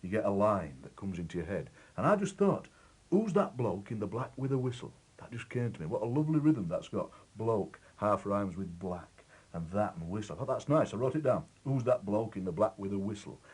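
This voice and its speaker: A poet chatting in a lively, musing way about how he builds a poem. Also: fairly low pitch, a little fast, husky. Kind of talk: explaining how he writes a poem. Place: outdoors at a football match.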